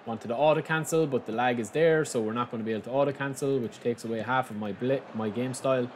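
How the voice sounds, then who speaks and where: A man from the giving excitable, frustrated live commentary on a football video game, talking to his viewers as lads. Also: mid-range voice, fast, slight background noise. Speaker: gaming YouTuber.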